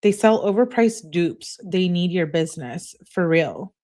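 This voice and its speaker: A woman's voice: fairly low pitch, animated, unhurried, dark tone. A woman reading as a defensive young boyfriend. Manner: defensive, explaining. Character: defensive young man texting his girlfriend. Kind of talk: reading text messages aloud.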